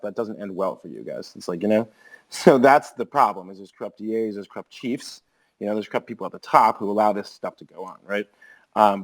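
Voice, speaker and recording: A man in casual podcast chat, rambling and animated, peppering his stories with filler words. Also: lowish voice, poor audio. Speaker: podcast co-host.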